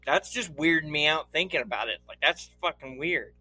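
A man with a high, bright voice riffs through crude casual banter on a podcast, swearing freely. He laughs often and bursts into animated put-on voices. The sound is dry and close, with faint music underneath. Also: moderate pace, no room sound. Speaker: podcast co-host.

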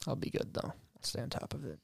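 A man's voice: fast, slight background noise. A young man, a college student and podcast guest, talking bluntly and offhandedly, swearing casually. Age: young adult.

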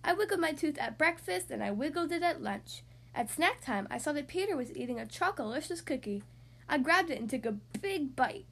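Woman reading a kids' storybook, high bright voice that swings all over. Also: normal speed. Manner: animated and expressive, acting out the characters. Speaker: children's book reader and podcast host. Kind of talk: storybook read-aloud.

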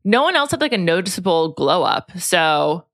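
A woman's voice: on the low side, sing-song, moderate pace, a bit bright, dry recording, clean studio sound. A woman hosting a podcast, chatting casually and laughing easily. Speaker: podcast host. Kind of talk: casual chat.

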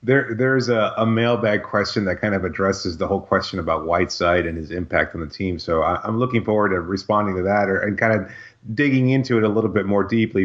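Lower-voiced man on muffled audio. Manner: conversational, searching for words, dry asides. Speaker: sports podcast co-host. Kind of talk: casual sports talk. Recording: dull lo-fi audio.

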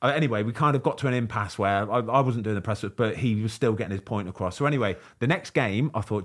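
A man's voice: fairly low pitch, fast, few pauses. An English man in his forties, a podcast host, telling a story in casual chat and acting out the quotes with laughter. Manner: animated storyteller, acts out quotes, laughs a lot. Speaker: podcast host, former goalkeeper.

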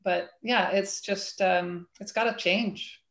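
A woman's voice: mid-range voice, steady tone, slow, a bit bright. A woman author speaking as a guest in a casual interview, earnest and thoughtful, with frequent fillers.

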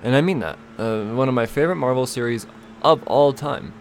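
With a medium-pitched voice and a brisk pace, a man hosts a comics podcast, breezing through sponsor reads and the intro. His style is rambling and jokey, full of self-interruptions and asides to himself, and there's a slight background noise.

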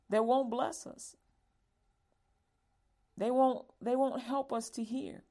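Lively woman teaching from the Bible. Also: a little high. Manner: lively, acts out calls and warnings. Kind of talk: Bible lesson to youth.

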